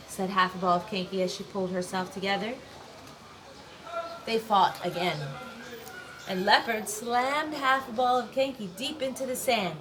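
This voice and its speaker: A woman teacher reading a folk tale aloud, lively, with playful sound words. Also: medium pitch, normal speed, background noise. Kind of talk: storybook read-aloud.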